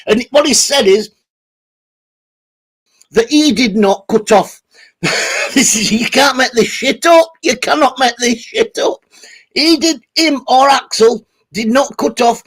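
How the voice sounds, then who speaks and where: A man rants through a casual vlog, swearing freely and rambling. His voice is unusually high for a man and noticeably husky. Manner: sweary, rambling, laughs often. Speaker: YouTube host.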